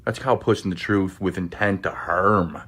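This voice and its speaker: Man with a low, husky voice, ranting and profane, accusing rivals. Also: steady tone, moderate pace, a bit bright. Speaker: rival streamer in a played clip. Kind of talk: angry rant.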